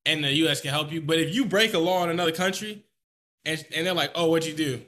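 A man's voice: a little high, quick pace, sharp tone. A man co-hosting a casual podcast, giving blunt, profane opinions and repeating points for emphasis. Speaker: podcast co-host.

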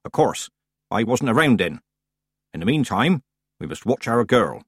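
A man's voice: mid-range voice, big pitch swings, moderate pace, breathy edge, dry recording. A man doing a stern old witch. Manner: dry, firm, clipped. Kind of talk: audiobook character voice.

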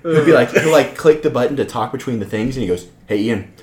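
A man's voice: mid-range voice, fast talker. A young man casually telling work stories on a podcast, acting out the people he quotes. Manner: animated storyteller acting out quotes. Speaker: podcast co-host. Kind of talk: casual storytelling chat. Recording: echoey room with loud noise.

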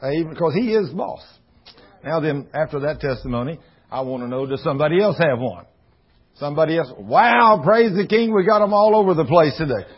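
A man's voice: fairly high pitch, lively intonation, a little fast, slightly rough, dull audio. A man preaching a folksy sermon, telling stories and acting out the dialogue in shifting voices. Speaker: pastor.

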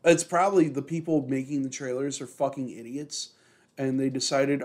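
A man's voice: mid-range voice, fairly even intonation, normal speed, darkish tone. A man co-hosting a podcast in a casual chat, rambling with plenty of fillers and constant swearing. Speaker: podcast co-host.

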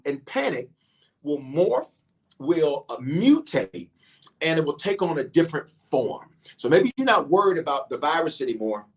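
A man leading an online prayer service, preaching fervently with repeated call-outs to his listeners. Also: a little high. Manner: fervent, repetitive, calls out "watch me" and "y'all". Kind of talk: preaching and praying to an online audience.

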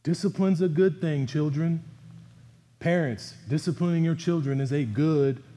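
A man's voice: fairly high pitch, measured pace, warm tone. Earnest male pastor in a reverberant church. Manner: earnest and exhorting, with conversational asides. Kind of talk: sermon. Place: church sanctuary. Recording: long hall reverb.

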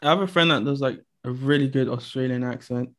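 A woman's voice: rumbling low, fairly quick. Giggly English woman musician guest. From England. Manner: giggly, imitates accents. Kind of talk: casual chat.

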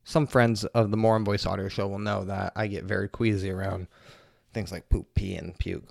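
A man hosting a podcast, telling a casual story with constant swearing and animated retellings. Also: low voice, moderate pace, vocal fry, dry recording, studio quality. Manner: profane, animated, heavy swearing. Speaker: podcast host.

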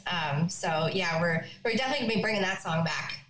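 A young woman from Newfoundland, Canada, guest on an interview podcast, telling her story in a lively, chatty way with quick asides. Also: on the low side. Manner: animated, laughing, quick asides. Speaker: guest, country singer-songwriter. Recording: echoey room, faint noise.

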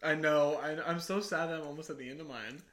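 A young man co-hosting a podcast in casual chat, excitable and eager, who repeats his questions. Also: on the high side, fast talker. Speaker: podcast co-host. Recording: roomy echo.

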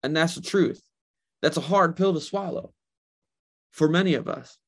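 Żarliwy pastor wygłaszający kazanie, nieco wysoki głos. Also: male voice, on the high side, normal speed, fairly bright tone. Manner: preaching with rising intensity, repeating phrases, asking "right?"; paraphrases God in a casual voice. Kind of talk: sermon.

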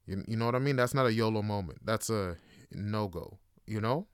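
A man's voice: lowish voice, brisk, clear, resonant tone, dry recording, studio quality. A young man talking in a laid-back, slangy way in a casual solo podcast monologue, swearing and using many fillers. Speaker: podcast host.

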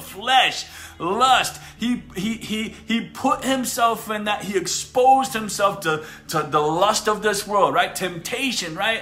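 A man's voice: high-pitched, sharp tone. A man preaching casually on a livestream, fervent and repetitive, calling his viewers "man" and "guys" and laughing between points. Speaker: Christian preacher.

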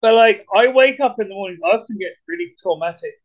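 A man with a British accent, talking as a podcast guest in an energetic, blunt way, swearing casually. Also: sits high, fast, lo-fi sound. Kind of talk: casual conversation.

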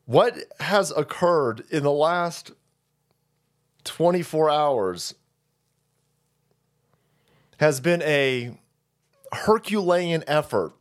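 This political streamer mocks people crudely throughout his rant, often putting on high voices to imitate them.

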